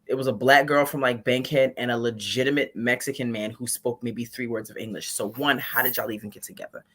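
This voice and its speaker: A woman from Brooklyn telling an animated story as a podcast guest, emphatic and blunt, acting out her own words. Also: rumbling low, brisk. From Brooklyn, New York. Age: adult with a child. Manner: emphatic, blunt, quotes herself in lively asides. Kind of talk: casual chat, animated storytelling.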